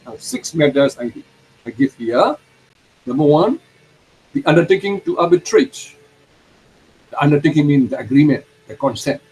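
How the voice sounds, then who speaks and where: A man lecturing a university law class, explaining terms slowly, repeating them and putting questions to the students. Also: fairly high pitch, sing-song, a little mellow, breathy edge, low-quality recording.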